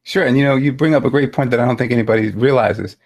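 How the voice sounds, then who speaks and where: A man hosting an interview, replying in quick bursts and listing ideas in a row. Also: medium pitch, darkish tone. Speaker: host. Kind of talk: conversational interview.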